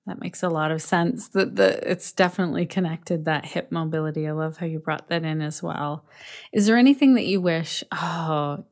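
A woman's voice: deep voice, normal speed, a little mellow. A woman podcast host interviewing a guest, affirming and enthusiastic. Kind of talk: conversational interviewing.

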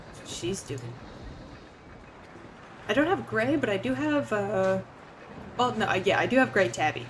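A woman's voice: medium pitch, noisy background. A young woman on a casual gaming livestream, rambling, giggling and swearing now and then as she chats with viewers. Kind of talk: casual gaming stream chat.

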